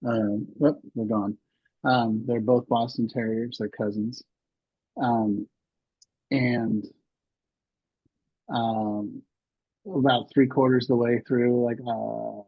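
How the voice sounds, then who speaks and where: Guest, man in his sixties: husky, candid storyteller, dry dull lo-fi sound. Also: medium pitch, fairly even intonation, takes it slowly, long pauses, dry recording. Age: 60s. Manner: rambling, many restarts and fillers. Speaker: podcast guest.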